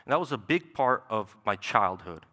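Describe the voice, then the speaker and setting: A man's voice: on the low side, big pitch swings, moderate pace, pushed and bright. A young man preaching a sermon in a church sanctuary, talking in a conversational way and often tossing in "right?". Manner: conversational, with frequent "right?" asides. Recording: long church hall reverb.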